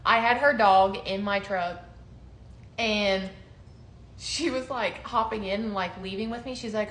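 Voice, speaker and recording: A young woman's medium-pitched voice unfolds at a measured pace as she, a co-host, tells her story in easy conversation. Animated and laughing, she dramatizes the quotes. The sound carries a roomy echo and some faint noise.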